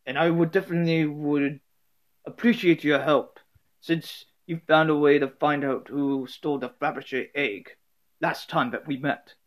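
A cordial Russian man speaks in a halting, hesitant way, his voice sitting a little high. A man puts on the accent for him. The accent is broad and put on. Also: steady tone, lightly acted. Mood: earnest. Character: friendly middle-aged Russian man.

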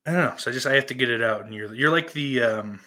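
Talking fast in a mid-range voice, a podcast host greets viewers in a casual live-stream chat and rambles through crude, self-deprecating banter. He alternates muttered asides with loud outbursts.

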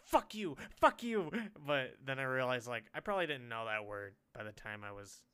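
A man's voice: mid-range voice, brisk, bright, forceful tone, smooth. A man from California co-hosting a casual podcast, rambling through stories and laughing often. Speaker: podcast co-host.

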